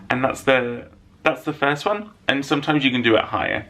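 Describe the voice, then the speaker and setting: A man's voice: medium pitch, animated, brisk, vocal fry, fairly bright tone. A man talking casually to camera at home, answering viewer questions in a jokey, self-mocking way. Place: room at home lit by a window.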